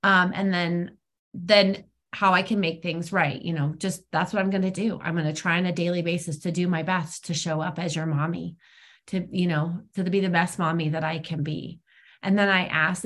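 A middle-aged woman speaking frankly at an online recovery meeting, talking in a loose, conversational way with many pauses and fillers. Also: on the low side. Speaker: twelve-step meeting speaker. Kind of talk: personal sharing at a recovery meeting. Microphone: online meeting call.

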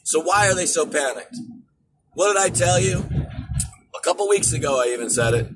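A man hosting a political commentary show, ranting in an animated way and rising to shouts. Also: a little high, normal speed, background noise. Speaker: show host.

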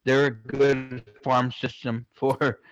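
A man chatting casually, excitable and swearing constantly, rambling with lots of fillers. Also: medium pitch, slow pace, no room sound, dull audio. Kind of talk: casual chat.

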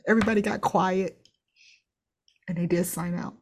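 A woman's voice: lowish voice, fairly even intonation, moderate pace. A middle-aged woman, a pediatrician, candidly telling a personal story with laughs and restarts. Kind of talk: reflective storytelling.

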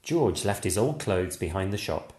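Male picture-book narrator, very animated, unhurried, echoey room. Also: low voice. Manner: slow, lively expressive narration. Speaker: storyteller. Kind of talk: children's picture book read-aloud.

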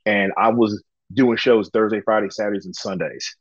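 A man from Georgia, a pro wrestler, telling his story in a relaxed interview, full of ums and acted-out quotes. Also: fairly low pitch, normal speed, husky, muffled recording. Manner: relaxed, chatty, frequent ums, acts out quoted dialogue. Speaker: guest, professional wrestler.

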